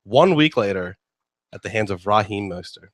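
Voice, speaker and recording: Male sports host, low voice, dry booth sound, rambling and jokey. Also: lively intonation, normal speed, dry recording. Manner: rambling, filler-heavy, joking. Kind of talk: casual sports talk.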